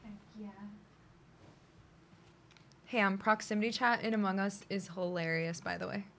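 A woman's voice: mid-range voice, moderate pace, vocal fry, a bit bright, slight background noise. A young woman streaming a video game at home, chatting playfully with her pet and her viewers and joking with mock aggression. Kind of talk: casual gameplay commentary.

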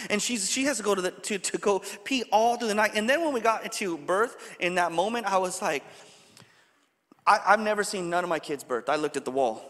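High-voiced pastor preaching in a hall. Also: male voice, animated, a bit bright. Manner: storytelling, quick and halting with many restarts. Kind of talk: sermon. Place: church sanctuary.

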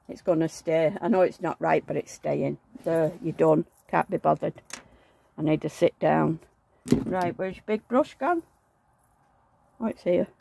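A woman's voice: fairly low pitch, gravelly, a little mellow, husky. A woman who chats bluntly while she works, talking fondly to her dolls and grumbling about her neighbours. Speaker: doll collector vlogger. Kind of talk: chatty running commentary while working.

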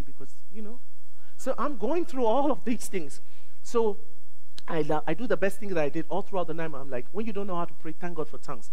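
A woman pastor from Africa preaching a sermon, with dramatic swings between loud declarations and hushed asides. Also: on the low side, lively intonation, a little fast. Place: church. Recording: reverberant church hall.

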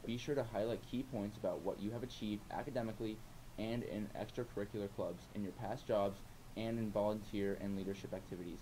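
A teenage boy reads a school career announcement with a few stumbles. His voice is low and mellow. A faint hiss sits behind the recording. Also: steady tone, brisk, poor audio. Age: teens. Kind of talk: reading an announcement.

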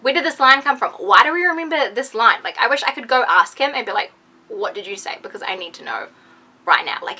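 Bright, excitable young woman vlogger. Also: fairly high pitch. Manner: excitable, animated, lots of "like". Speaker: beauty vlogger. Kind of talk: casual chatty vlog.

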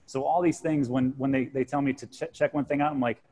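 Fast-talking animated man in his forties. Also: medium pitch, poor audio. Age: 40s. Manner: animated storyteller, acts out quotes. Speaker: guest co-host, crypto channel host. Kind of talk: casual panel chat.

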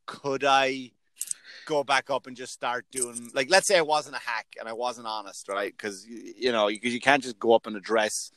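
A man's voice: medium pitch, steady tone, moderate pace, fairly bright tone. A man who is a comedian and podcast host, talking in a rambling, self-mocking way and swearing often in casual chat.

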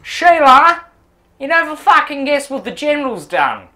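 A woman's voice: sits high, big pitch swings, a little fast, sharp tone. A woman giving let's-play commentary over a strategy game, swearing constantly in mock outrage. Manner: profane, mock-outraged trash talk. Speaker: video game player.

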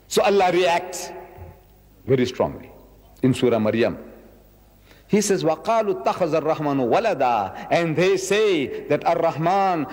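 A man in his seventies giving a public religious lecture, emphatic, repeating key words and slowing down to quote verses. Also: a little high, darkish tone, big-room sound. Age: 70s.

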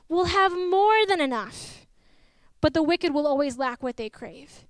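Young woman, high voice, dry close sound, lively church sermon, chatty asides. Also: normal speed, dry recording. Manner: lively and personal, tells stories with laughs and asides. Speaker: guest preacher.

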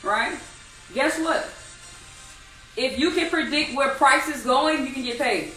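A woman teaching a live online trading class, animated and repetitive, asking the audience many rhetorical questions. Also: high-pitched, measured pace, reverberant, distant mic, soft background music, poor audio. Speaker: trading instructor.

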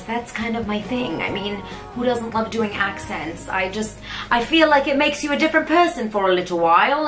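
A woman's voice: mid-range voice, expressive, moderate pace, a bit bright, faint music behind, low-quality recording. A woman in her late twenties chatting casually to camera as a vlogger, playful and self-mocking. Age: late 20s.

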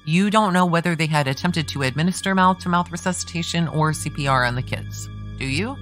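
Brisk and low-pitched, close to an everyday voice, a woman hosting a true crime podcast reads from a trial transcript as a dogged male defense attorney, pressing a witness with leading questions. Faint music plays in the background.

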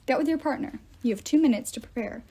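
A woman's voice: high voice, quick pace, warm tone, slightly rough. A woman voicing a stern, gray-haired male swordsmaster who gives clipped, commanding orders.

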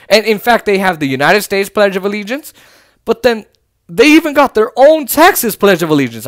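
A man giving casual political commentary in an animated, emphatic way, repeating words for emphasis and adding mocking, sarcastic asides. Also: fairly high pitch, fast.

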